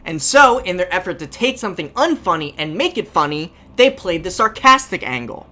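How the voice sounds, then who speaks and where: A woman hosting a reaction commentary video, animated and sarcastic with sudden exclamations. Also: fairly low pitch, a little fast, few pauses. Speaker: host.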